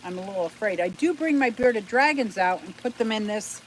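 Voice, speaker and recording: A woman's voice: medium pitch, lively intonation, a little fast, a little hiss or hum. A woman hosting a casual home tour vlog about her fish and pets, chatty and giggly, talking to her animals and viewers while walking around a house and yard. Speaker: fish keeping channel host.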